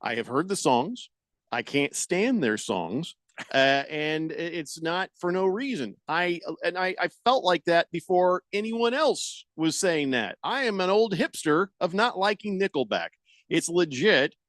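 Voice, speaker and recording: A man's voice: sits high, animated, unhurried, a bit bright, no echo. Rambling male radio sports host. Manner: rambling, laughing, reads listener texts. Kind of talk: casual radio banter. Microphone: studio microphone.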